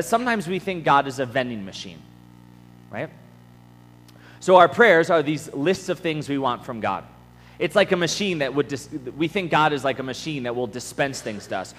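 Young man, high voice, casual youth sermon, self-mocking, acts out prayers, reverberant hall. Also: animated, moderate pace, fairly bright tone. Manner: self-deprecating, acts out his own prayers in funny voices. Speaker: camp speaker. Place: camp meeting hall.

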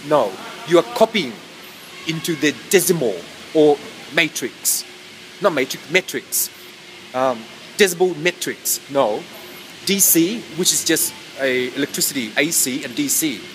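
His voice on the high side, expressive and somewhat bright, a vlogger rambles unhurriedly to camera outdoors in the wind about fake technical jargon. He self-corrects often and meows between phrases, recorded at low quality with slight background noise.

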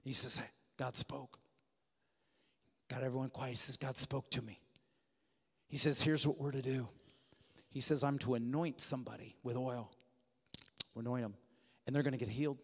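A man preaching a sermon, telling a story animatedly and swinging from hushed to loud. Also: mid-range voice, fairly even intonation, a little fast, pauses often. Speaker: guest preacher. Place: church sanctuary. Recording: church hall reverb.

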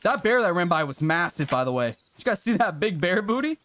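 A man streaming a hunting game, chatting casually and excitably with viewers and swearing now and then. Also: sits high, fast. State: briefly out of breath. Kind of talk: casual live-stream commentary.

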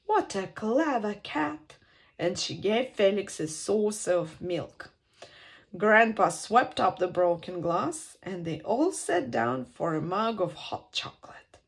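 At storytime, a woman reads a children's picture book aloud with a sing-song, expressive delivery and dramatic pauses. Her voice is fairly low-pitched and creaky.

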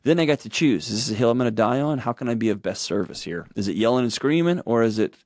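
A man's voice: medium pitch, animated, quick pace, a little mellow, no echo, studio quality. A man in his forties with a drawl, a guest telling personal stories earnestly in an interview and acting out what others said. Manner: earnest storytelling, acts out quotes in shifting voices. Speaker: guest, author and show host. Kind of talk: candid conversational interview talk.

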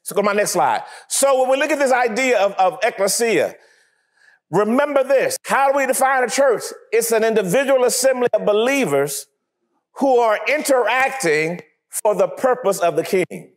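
A man preaching a sermon, acting out little scenes with laughter and sudden shouts. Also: very high voice, moderate pace. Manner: animated, acts out scenes, laughs often. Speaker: pastor.

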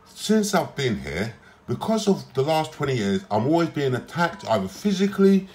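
A man, a patient on a psychiatric ward, recording a personal complaint, talking emphatically and repeating himself. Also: medium pitch.

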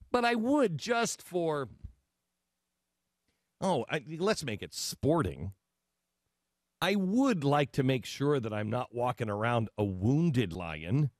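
A man hosting a talk show, speaking in a sarcastic, animated way into a studio mic. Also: mid-range voice, dry recording. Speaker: host. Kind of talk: talk radio commentary.

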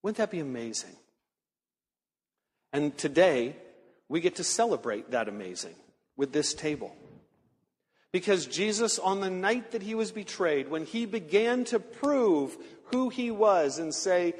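A man preaching a sermon in earnest storytelling fashion, slowing down to stress key words. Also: high voice, animated, husky. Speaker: pastor. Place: large church sanctuary. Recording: long hall reverb.

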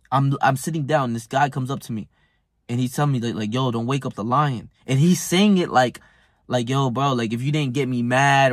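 A man's voice: mid-range voice, fairly bright tone, no room sound, studio quality. A man telling a rambling, profane story in casual chat, heated and full of fillers. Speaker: self-improvement vlogger.

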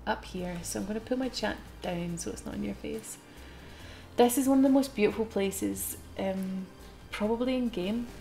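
Scottish woman, young adult, giggly live streamer, mid pitch, gravelly fry. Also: moderate pace, soft background music. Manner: giggly, laughs often, chatty and excitable. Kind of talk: live game stream commentary.

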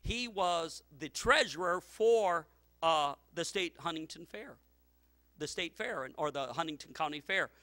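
A pastor preaching a sermon, telling stories with many repeats and restarts, and climbing to loud shouted lines. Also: male voice, fairly high pitch, expressive, a little slow. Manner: storytelling preacher, repeats words, rising to shouts.

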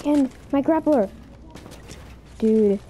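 A young woman gaming with a friend, excitable, rattling off repeated commands. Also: sits high, drawn-out words. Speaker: gamer. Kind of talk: excited gameplay chatter. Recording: noisy game audio behind.

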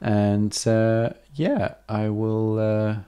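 Relaxed male harmonica teacher on a live stream, fairly low voice, lots of ums. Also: very slow, clean tone. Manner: chatty and self-correcting, with many ums and uhs.

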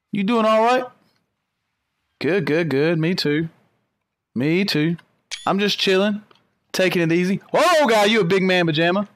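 Lively high-voiced young gaming commentator. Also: male voice. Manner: animated, talks to the creatures and viewers, laughs often. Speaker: gaming YouTuber. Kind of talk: excited gameplay commentary.

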